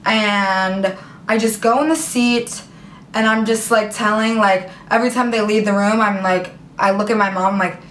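A woman's voice: medium pitch, normal speed, a little hiss or hum. A young woman vlogger telling a story to camera in a casual, dramatic way, full of "like" fillers. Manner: animated, dramatic retelling with many "like" fillers. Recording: echoey room.

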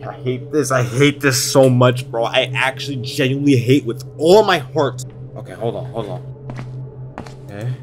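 A young man playing a horror game on his channel, jumpy, swinging between nervous muttering and sudden shouts. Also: mid-range voice. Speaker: gaming YouTuber. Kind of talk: horror game let's play commentary.

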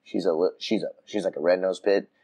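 A man on a casual podcast, telling a story with lively voices for the people in it. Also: low voice, fairly quick, vocal fry, slightly rough. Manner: animated storytelling, acts out voices, frequent restarts. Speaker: podcast co-host. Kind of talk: casual chat. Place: room outside the usual studio.

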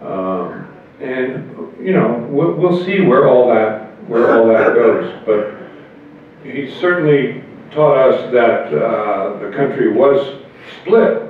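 An older man answering questions at a convention, speaking in a measured, halting way with restarts. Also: mid-range voice, animated, a little hiss or hum. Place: large convention hall. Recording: echoey hall from far off over phone-like line.

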